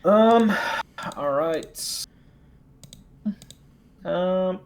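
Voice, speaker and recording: Lively, teasing voice of a tabletop player. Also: medium pitch, moderate pace, a little hiss or hum. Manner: playful and teasing. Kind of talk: casual tabletop game chat.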